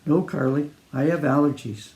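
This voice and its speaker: Man reading as a calm, gravelly grandfather. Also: on the high side, normal speed, roomy sound, natural voice. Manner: calm, reassuring. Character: gentle grandfather soothing a child.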